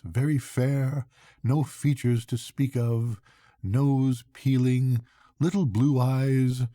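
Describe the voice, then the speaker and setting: An older man, a grandfather, reading a classic novel aloud to his grandchildren at bedtime in an unhurried, expressive way. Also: mid-range voice, no room sound, studio quality.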